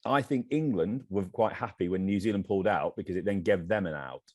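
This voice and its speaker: A man's voice: deep voice, brisk, darkish tone, no room sound, studio quality. A man co-hosting a cricket podcast, giving blunt, opinionated takes in casual chat. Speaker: podcast co-host.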